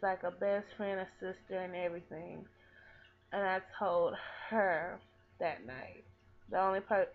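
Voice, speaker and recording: A woman in her twenties telling a personal story in a vlog, earnest and rambling, with lots of "like.". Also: medium pitch. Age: 20s. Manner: earnest, rambling, heavy use of "like". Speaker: vlogger. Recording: tinny phone-like audio.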